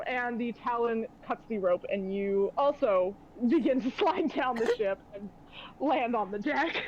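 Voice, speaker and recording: Young woman game master, loose rambling narration, higher pitch, lo-fi recording. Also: a little slow, noisy background. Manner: rambling, filler-heavy, laughing often. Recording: dull lo-fi audio.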